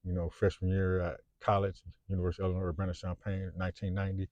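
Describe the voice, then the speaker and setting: A man in his fifties with a Chicago accent vlogs to camera in a rambling, unscripted monologue full of fillers and restarts. His low voice races along in a completely flat delivery, a little mellow, and the audio is dull with no room sound.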